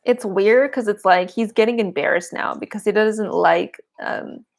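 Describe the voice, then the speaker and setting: A woman's voice: medium pitch, normal speed, creaky. A woman giving a live-streamed tarot and oracle card reading, chatty and giggly, with a lot of "like" fillers.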